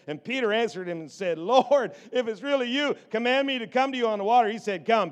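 A high-voiced man preaches with playful energy. He drops to hushed, wry asides and then bursts into excited shouts. His delivery is that of a pastor keeping a congregation laughing. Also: fairly quick, hardly any pauses. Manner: animated, jokey, swings from hushed to shouting. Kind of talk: sermon.

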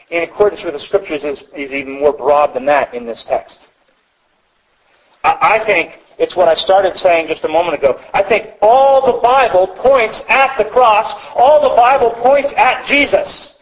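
A man's voice: high voice, low-quality recording. A man preaching a sermon as pastor, teaching earnestly and repeating key phrases for emphasis.

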